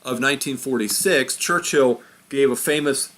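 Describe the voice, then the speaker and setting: A man's voice: mid-range voice, normal speed, a bit bright. Casual man teaching history. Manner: conversational, self-correcting, points at a map. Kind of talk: informal history lesson.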